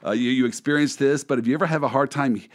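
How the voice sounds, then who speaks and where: A man's voice: mid-range voice, fast talker. A man hosting a podcast, chatting casually and playfully with his guest and laughing often. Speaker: podcast host, lawyer. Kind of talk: casual interview chat.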